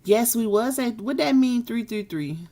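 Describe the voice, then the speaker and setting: A woman's voice: fairly high pitch, animated, moderate pace, dark tone. A woman, hosting a casual live stream and chatting with her viewers, laughing often. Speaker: live stream host reading chat.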